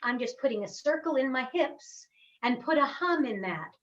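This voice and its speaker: A woman voice coach leading a guided vocal warm-up over a webcam, giving encouraging step-by-step instructions with long hums. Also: high-pitched, animated, normal speed, highs cut off. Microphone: webcam on a video call.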